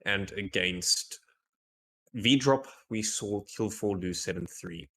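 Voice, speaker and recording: Male esports caster, lowish voice, chatty and playful, a bit tired, stumbles and restarts sentences. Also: slow, pushed and bright, a little hiss or hum. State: tired, yawning. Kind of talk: live esports commentary.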